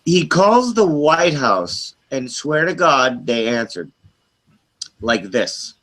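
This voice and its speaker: A middle-aged man on an open group call, casually telling a long, profane, animated story with quoted voices. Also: medium pitch, slow pace, poor audio. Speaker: hangout participant.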